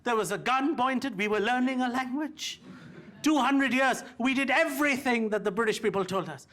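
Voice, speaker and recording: Wry Indian-born stand-up comic, very high voice. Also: male voice, normal speed, a bit bright. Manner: wry, self-deprecating, mimics voices. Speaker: stand-up comedian. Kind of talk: stand-up comedy set. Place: theatre stage before a live audience. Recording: live theatre with audience laughter.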